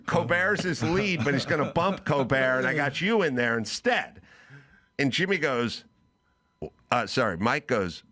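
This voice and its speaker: A male podcast host tells an anecdote with a bright, energetic edge. His pitch swings widely as he acts out both sides of the conversation, climbing into excited near-shouts. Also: moderate pace. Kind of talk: animated comic storytelling.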